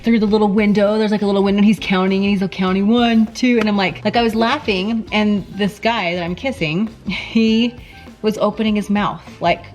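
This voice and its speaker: A woman in her thirties, a mother telling animated stories to her teen daughter while sitting in a parked car in a garage. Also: brisk, faint music behind, rough recording. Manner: animated, laughing, quotes herself in high voice. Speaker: mother answering questions. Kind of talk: casual storytelling chat.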